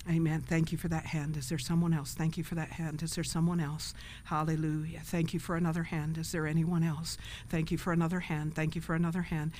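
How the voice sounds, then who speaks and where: A woman's voice: low voice, a little mellow, a little hiss or hum. A woman pastor preaching a sermon and leading an altar call, emphatic and calling for responses from the congregation.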